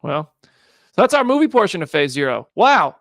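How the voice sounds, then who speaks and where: A man hosting a casual movie news chat show, animated and quick to laugh. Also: high voice, gravelly, dry recording, clean studio sound. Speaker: podcast host.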